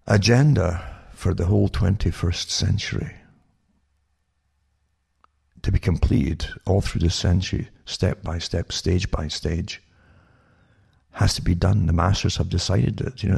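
He speaks low and a little slowly in a steady, darkish tone, his voice gravelly and husky. The commentary rambles along as a monologue, with frequent restarts and questions like "eh?" tossed to the listener.

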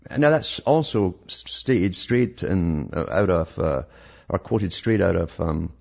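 In a dull lo-fi recording, a man with a low, creaky, slightly mellow voice speaks expressively and without hurry. He hosts a sarcastic, rambling monologue reading news articles, frequently starting his sentences over.

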